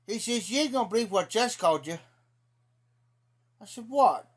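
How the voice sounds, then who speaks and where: Telling an outraged, rambling story on a casual livestream, this Ohio man keeps circling back to "I said." He has a high voice with lively intonation and a slow, drawling delivery.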